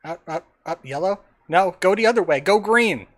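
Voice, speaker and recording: This streamer is a man with a high-pitched, animated voice who talks fairly quickly. He rambles casually through his gameplay, chatting away to his viewers and himself.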